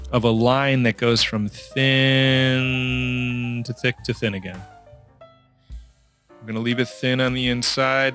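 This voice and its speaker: A drawing instructor narrates a casual tutorial in a chatty, playful manner, quizzing the viewer while he works. He speaks at a medium pitch with a sharp tone.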